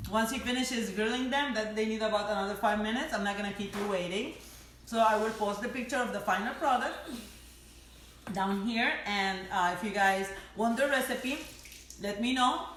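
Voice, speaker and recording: A woman's voice: medium pitch, fairly bright tone. A woman hosting a casual home cooking live stream, chatty and teasing, laughing often as she talks to viewers. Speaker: cooking show host. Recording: echoey room with faint noise.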